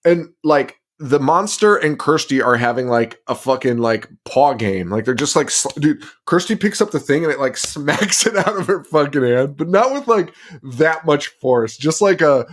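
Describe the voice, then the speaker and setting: A man's voice: fairly high pitch, lively intonation, normal speed, hardly any pauses. Profane, laughing podcast man. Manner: profane, laughing, recounts plot with put-on quotes. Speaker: podcast co-host. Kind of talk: casual movie recap chat.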